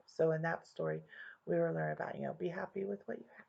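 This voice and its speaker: Give me a woman teacher walking kids through a reading lesson with a low, gravelly voice. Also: steady tone, moderate pace, warm tone. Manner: patient, explains step by step, often says "all right". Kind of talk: reading lesson for young students. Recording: dull lo-fi home recording.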